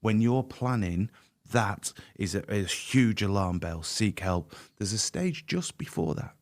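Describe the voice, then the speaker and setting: A man with a slightly low voice speaks candidly as a podcast guest. He is earnest and emphatic, and he often doubles back on his words as he makes his point.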